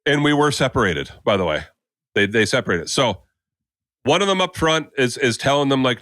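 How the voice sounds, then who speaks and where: A man co-hosting a podcast tells a long story casually, animatedly acting out the people he quotes. His mid-range voice moves at a moderate pace on a dry recording.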